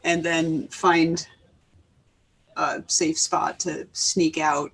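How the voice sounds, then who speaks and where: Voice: medium pitch, little pitch movement, very slow, fairly bright tone, husky, low-quality recording. A player in a tabletop role-playing game, speaking in short, dry replies. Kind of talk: casual tabletop play.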